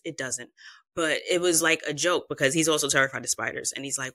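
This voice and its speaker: A woman's voice: deep voice, moderate pace, a bit bright, no room sound. A woman hosting a casual solo podcast, rambling through tangents with lots of fillers and casual swearing. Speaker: podcast host.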